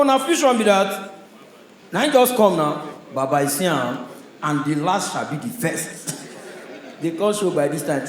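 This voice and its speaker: A Nigerian man delivers stand-up comedy on stage, his voice sitting high and carrying loudly through the room. His stories come in punchy bursts, and a strong hall echo surrounds every line. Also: slight background noise. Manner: loud, punchy storytelling with audience laughter. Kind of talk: stand-up comedy in Pidgin English. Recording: echoey live hall sound.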